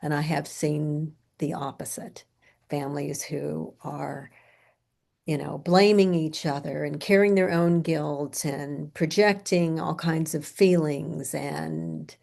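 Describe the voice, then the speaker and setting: Slow, gravelly-voiced woman therapist lecturing. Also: low-pitched, fairly even intonation. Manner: soft-spoken, unhurried storytelling, drops to near whispers. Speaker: grief therapist presenting a training. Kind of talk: continuing education lecture with client stories.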